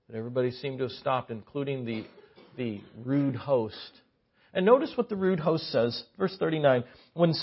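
A man preaching a sermon as an animated, joking storyteller, on a dull lo-fi recording. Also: a little high, husky.

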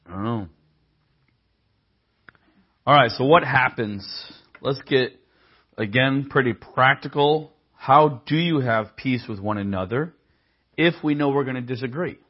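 A man's voice: mid-range voice, unhurried, long pauses, lo-fi sound. A man preaching a sermon in a casual, conversational way, mixing scripture with humorous personal stories.

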